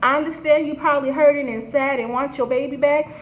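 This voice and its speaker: Blunt, higher-pitched woman vlogger. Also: fairly even intonation, fast. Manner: blunt and outspoken, swears freely. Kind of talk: casual commentary. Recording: echoey room, dull lo-fi sound.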